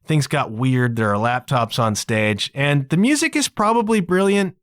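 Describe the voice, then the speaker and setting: Male podcast host, mid pitch, lively swooping delivery, dry close mic, enthusiastic music chat. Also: moderate pace, dry recording. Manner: enthusiastic, chatty, says "man" a lot. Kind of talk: casual music commentary.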